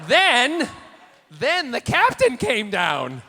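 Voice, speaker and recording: A high, bouncy male voice that swoops up and down as he spins cheeky, campy stories for a convention crowd. He talks in energetic bursts, full of restarts and asides. The sound carries a long hall reverb with faint noise underneath. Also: drawn-out words. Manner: campy, bawdy, playful joking with the crowd; energetic, rambling anecdotes with many restarts. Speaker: celebrity convention panel guest. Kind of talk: live convention Q&A storytelling. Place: large convention hall panel room.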